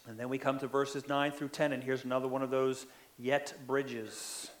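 A man's voice: mid-range voice, little pitch movement, normal speed. A man preaching a sermon in an earnest way, often repeating words as he presses a point.

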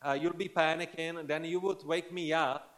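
A man voicing a calm male teacher who casually foretells what will happen. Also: on the high side, normal speed, natural voice. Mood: matter-of-fact.

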